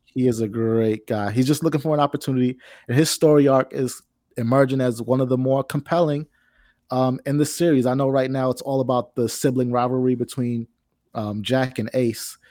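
A man co-hosting a casual wrestling podcast, calm and even-tempered in his delivery. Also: mid-range voice, brisk, no room sound, studio quality. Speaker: podcast co-host.

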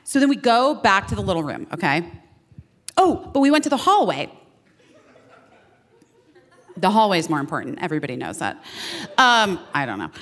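A woman's voice: medium pitch, fairly bright tone. A woman in her forties hosting a podcast, telling a story in casual chat, laughing, swearing freely and acting out what people said. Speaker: podcast host.

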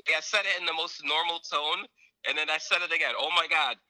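A man co-hosting a casual sports talk show, retelling a game in a rambling, animated way full of fillers. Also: fairly high pitch, quick pace, low-quality recording. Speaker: sports podcast co-host.

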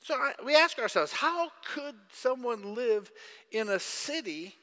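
High-pitched guy preaching, tells stories and quizzes the crowd, echoey church hall. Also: animated, unhurried, sharp tone. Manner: storytelling, asks audience questions. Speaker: pastor. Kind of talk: sermon.

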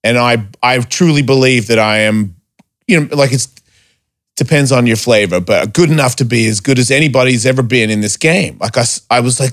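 A man's voice: medium pitch, brisk. A man telling stories in a casual podcast chat, swearing a lot and acting out quotes in a raised voice. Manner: animated storyteller, heavy swearing, acts out quotes in a raised voice.

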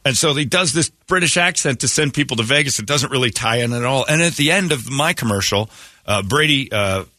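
A man hosting a morning radio show, chatting casually and ranting in a mocking, animated way, often laughing. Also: medium pitch, fairly quick, no room sound, clean studio sound. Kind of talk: casual on-air banter.

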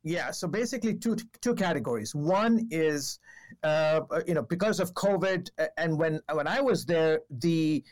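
Animated and speaking at a normal speed, a man who works as a television reporter shares a story in a casual podcast chat. Fillers and restarts run throughout, and he acts out quoted exchanges by pitching his voice higher.

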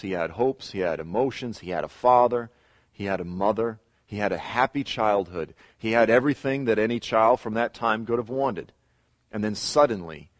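A middle-aged man with a lowish voice gives a Bible lesson. He retells the scripture story with pauses and emphatic repeats. The sound is close and dry, with no room echo. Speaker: Bible teacher. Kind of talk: teaching lecture.

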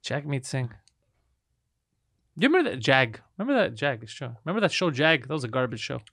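A man's voice: mid-range voice, sing-song, a little fast, a bit bright, no echo, clean studio sound. A man co-hosting a podcast, joking crudely and laughing often, slipping into mock voices. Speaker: podcast co-host. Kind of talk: crude casual banter.

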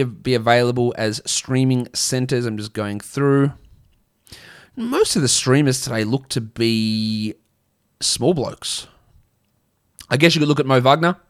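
A man's voice: mid-range voice, clear, resonant tone. Chatty Australian man hosting a livestream. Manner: chatty, blunt, frequent restarts and fillers. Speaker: fantasy basketball livestream host. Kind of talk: casual livestream chat answering viewer questions.

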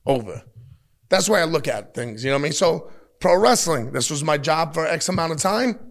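A man in his thirties, a wrestler giving an interview, talking bluntly and with lots of swearing as he tells animated stories. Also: on the high side, a little fast, creaky. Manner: blunt, profane, animated storytelling. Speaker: pro wrestler, interview guest. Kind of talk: casual interview talk. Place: at a wrestling show taping.

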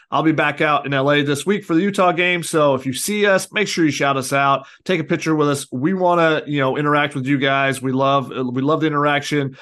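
A man's voice: medium pitch, fairly bright tone. A man co-hosting a casual sports podcast, talking in an easygoing way. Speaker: podcast co-host, sports reporter.

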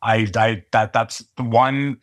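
A man in his forties chats as a podcast guest. He talks in an earnest, open way and laughs easily. His voice sits at a middle pitch. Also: fairly even intonation. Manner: earnest, warm-hearted, quick to laugh. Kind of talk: casual chat.

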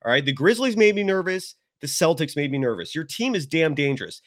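A man's voice: fairly high pitch, sing-song, fairly quick. A man guesting on a sports podcast, talking casually and enthusiastically with many restarts. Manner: rambling, restarts often, enthusiastic.

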